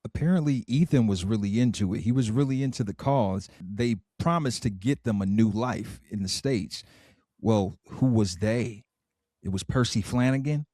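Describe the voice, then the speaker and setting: A man's voice: lowish voice, normal speed, warm tone, dry recording. A man co-hosting a podcast, recapping a TV episode in casual chat with dry one-liners. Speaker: podcast co-host.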